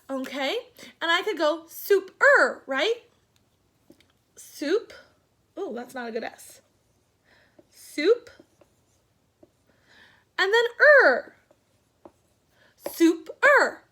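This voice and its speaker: A young woman teacher giving a phonics lesson to children, sounding words out slowly part by part and encouraging them. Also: very high-pitched, sharp tone. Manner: slow, sounding out word parts, encouraging.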